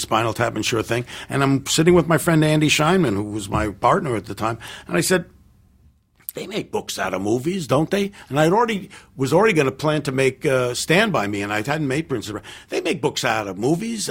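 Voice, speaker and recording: An older man, a film director guest on a podcast, telling animated anecdotes, acting out other people's lines and restarting his sentences with lots of fillers. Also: mid-range voice, creaky, breathy edge. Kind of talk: casual storytelling interview.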